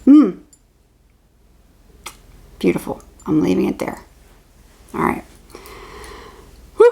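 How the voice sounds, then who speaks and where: A woman's voice: mid-range voice, big pitch swings, slow, vocal fry, mellow, slightly rough. A woman giving an intuitive horoscope reading, rambling and repeating words as she channels impressions. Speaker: tarot reader.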